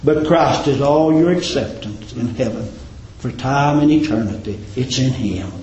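A man preaching a sermon, fervently rising to emphatic peaks and dropping to quiet endings. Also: mid-range voice, measured pace, reverberant, highs cut off. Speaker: pastor. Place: church.

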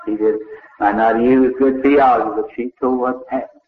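An older man, preaching a sermon as a slow, dramatic story and voicing the people in it. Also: medium pitch, fairly even intonation, slight background noise. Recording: echoey hall over a tinny, lo-fi line.

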